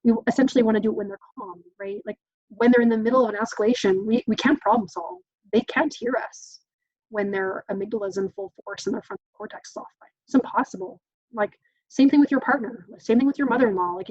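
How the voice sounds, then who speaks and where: A woman's voice: fairly high pitch, quick pace, darkish tone, slightly rough, no room sound. A young adult woman presenting a casual caregiver training talk, chatty and full of "um"s and "like"s. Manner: chatty, many "um"s and "like"s. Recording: dull lo-fi sound.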